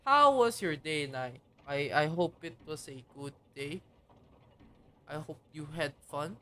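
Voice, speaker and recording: Excitable woman streamer. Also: low voice, unhurried. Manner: bubbly, excitable, greets chat. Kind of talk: casual livestream chat.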